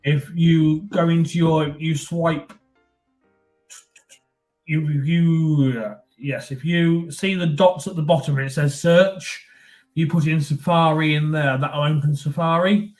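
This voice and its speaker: A man's voice: fairly high pitch, steady tone, slow, darkish tone, faint music behind. Chatty podcast host man. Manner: chatty, loose, organizing guests. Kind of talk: casual live-stream chat.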